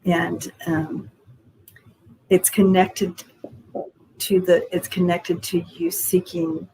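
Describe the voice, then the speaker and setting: A woman's voice: on the low side, darkish tone, slightly rough, poor audio. A woman giving channeled spiritual messages in a casual, rambling way, with restarts and the odd swear word. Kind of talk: casual spiritual reading on a group call.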